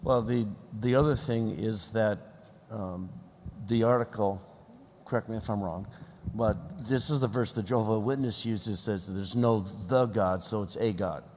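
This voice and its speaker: A man's voice: on the low side, moderate pace, darkish tone, a little hiss or hum. A man explaining a grammar point as a guest scholar, checking himself as he goes. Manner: tentative, self-checking. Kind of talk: casual explanation. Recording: echoey hall, faint ambience.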